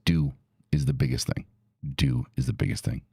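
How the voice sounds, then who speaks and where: A man's voice: very deep voice, moderate pace, gravelly, a little mellow, slightly rough, dry recording. A man hosting a podcast, talking casually, blunt and profane with emphatic delivery. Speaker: podcast host. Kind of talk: casual talk.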